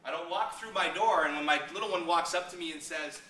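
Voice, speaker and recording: A middle-aged man speaking at a seminar, lively and acting out little scenes as he makes his points. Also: fairly high pitch, fairly quick, slight background noise. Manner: animated, acts out little scenes in raised voices. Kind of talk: motivational seminar talk. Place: seminar room. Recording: echoey room, mic from a distance.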